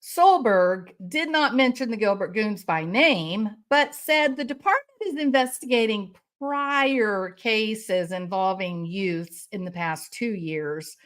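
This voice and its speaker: Slow, indignant woman true-crime commentator. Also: medium pitch, animated, fairly bright tone. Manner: angry, indignant, sarcastic rants. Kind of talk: impassioned commentary.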